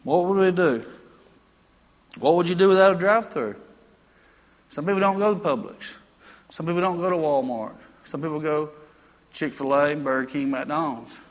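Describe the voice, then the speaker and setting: A man's voice: fairly high pitch, normal speed, long pauses, in a large hall. A man preaching a sermon, mixing folksy country stories with emphatic preaching. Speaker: pastor.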